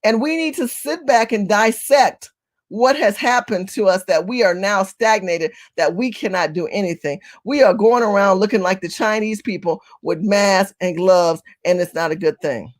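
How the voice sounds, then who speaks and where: A woman's voice: medium pitch, moderate pace. A woman hosting a live stream, talking emphatically to her viewers, repeating herself and firing rhetorical questions while she shows them video. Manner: addresses viewers as family. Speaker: livestream host.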